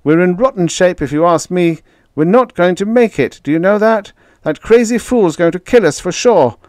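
A man's voice: high-pitched, expressive, normal speed, darkish tone, no echo, studio quality, pitched above the performer's own voice. A man reading an audiobook, voicing a frightened young male crew member who talks in a choked, bitter, panicky way.

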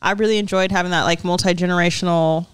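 Woman telling a chatty story, very smooth voice. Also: on the low side, fast, no room sound. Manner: animated storytelling, acts out quotes, laughs often. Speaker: podcast co-host. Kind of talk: casual chat.

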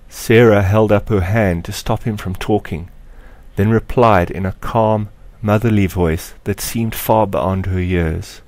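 A man narrating his own story aloud in a measured, expressive audiobook reading. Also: on the low side, no echo. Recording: dry close recording.

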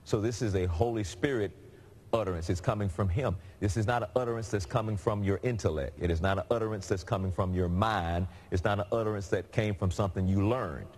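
Low-voiced man preaching. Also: fairly quick, breathy edge. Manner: conversational, animated storytelling with laughs. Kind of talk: sermon.

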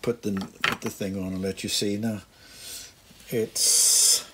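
A Northern Irish luthier talks through a guitar setup as he works, thinking aloud and correcting himself as he goes. His voice sits somewhat low. A faint hiss and small clicks run behind his speech. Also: little pitch movement, slow, sharp tone. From Northern Ireland. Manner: thinks aloud while working, self-correcting. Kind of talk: workshop tutorial, talking through repairs.

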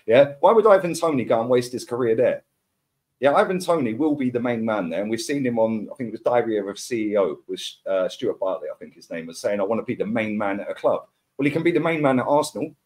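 A man's voice: medium pitch, expressive, fast, darkish tone. A man, ranting as a football podcast pundit in heated casual chat, full of slang and repeated words.

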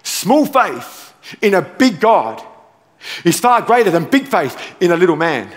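A man preaching with force, hammering home his points and repeating key lines, with playful asides in between. His voice sits high for a man. It carries the long reverb of a big church hall. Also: sing-song, unhurried. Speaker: pastor. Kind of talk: sermon. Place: large church auditorium.

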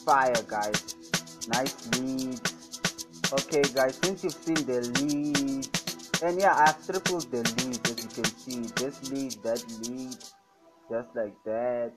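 Young male tutor, slow relaxed delivery, keeps hyping the sounds as he goes; loud music under him. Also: medium pitch. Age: young adult. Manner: enthusiastic, repeats "fire, guys". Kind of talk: casual screen-recorded tutorial. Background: loud music playing.

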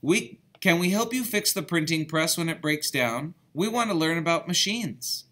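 A man playing an eager young storybook boy with a raised, excited voice pitched up high. He is bright and animated and bubbles with keen questions. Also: moderate pace.

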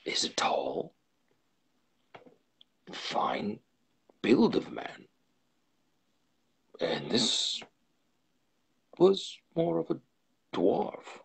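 A man's voice: a little high, huge pitch swings, extremely slow, vocal fry, pauses often, breathy edge, voice pushed up, heavily acted. A man reading aloud, voicing a frightened, loyal older male butler who pleads urgently and drops into whispers. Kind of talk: live storytelling reading.

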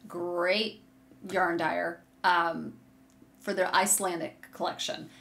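A woman hosting a knitting video podcast from a room at home, chatting casually and gushing excitedly to viewers as she shows yarn. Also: on the low side, slow pace, vocal fry. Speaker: podcast host. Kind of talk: casual chat showing yarn on camera. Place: home room with a curtain behind her. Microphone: desk setup facing a monitor.

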